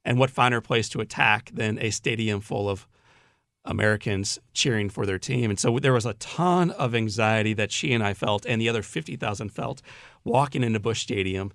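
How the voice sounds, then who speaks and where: Gravelly-voiced man interviewing. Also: fairly low pitch, normal speed, fairly bright tone, dry recording, studio quality. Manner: chatty, teasing storyteller. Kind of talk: conversational interview.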